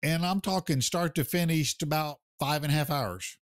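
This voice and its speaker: A man's voice: a little high, normal speed, no echo, clean studio sound. An American man, a barbecue pitmaster, talking casually as a podcast guest in a folksy, plainspoken way. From United States. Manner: folksy, plainspoken, says sir. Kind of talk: casual interview chat.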